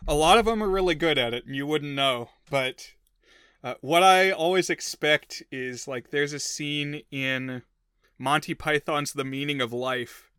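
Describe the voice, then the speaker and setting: A man co-hosting a casual film podcast, chatty and joking, with quick asides. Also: a little high, fairly bright tone, clean tone, dry recording, studio quality. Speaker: podcast co-host.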